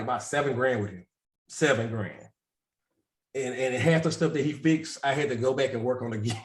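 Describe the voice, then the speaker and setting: Candid, self-mocking stories and frequent laughter come from a real estate investing coach on a group video call. His voice is mid-range, and the room echo is noticeable.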